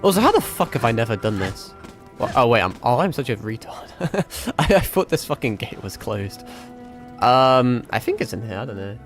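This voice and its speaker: A man's voice: mid-range voice, big pitch swings, moderate pace, soft background music. A man born in Britain, streaming a game, chatting in a rambling, sweary, self-mocking way. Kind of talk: casual gameplay commentary.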